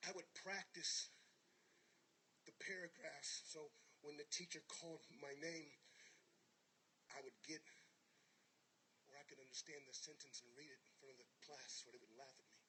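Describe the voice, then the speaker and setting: A man giving an inspirational speech to a live audience, swinging from hushed tones to shouts and calling on the crowd to join in. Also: a little high, fairly even intonation, normal speed, pauses often, a little hiss or hum. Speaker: motivational speaker.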